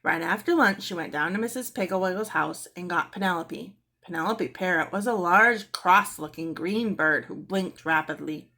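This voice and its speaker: A woman reading a children's book aloud in a gentle storytelling manner. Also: fairly low pitch, moderate pace, hardly any pauses. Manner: gentle storytelling, clears throat now and then. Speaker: reader.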